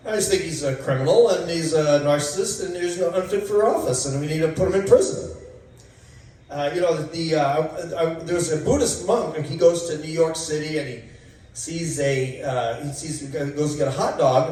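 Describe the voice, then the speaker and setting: Halting man telling jokes in an echoey room. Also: fairly high pitch, a little mellow, slight background noise. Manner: halting, many uhs and restarts. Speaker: stand-up comedian. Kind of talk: open-mic joke telling. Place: coffee shop. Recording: echoey room, mic far off.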